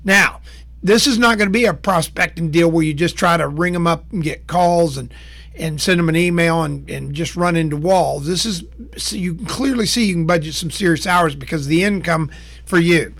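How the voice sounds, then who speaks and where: A man's voice: on the high side, moderate pace, gravelly, a bit bright. A man teaching sales in a plain-spoken, folksy way, walking through steps and acting out short exchanges. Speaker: sales trainer. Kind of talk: instructional talk to camera.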